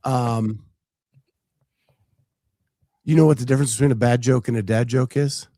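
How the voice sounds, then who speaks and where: A man's voice: mid-range voice, steady tone, moderate pace, warm tone, no echo, clean studio sound. A man hosting a casual talk show, chatting loosely with plenty of fillers and restarts. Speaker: podcast host. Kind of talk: casual chat.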